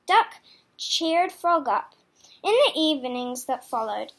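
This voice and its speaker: Lady reading a kids' picture book, slow and singsong, high bright voice. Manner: slow, expressive, animated reading. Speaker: storybook reader. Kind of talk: children's picture-book read-aloud.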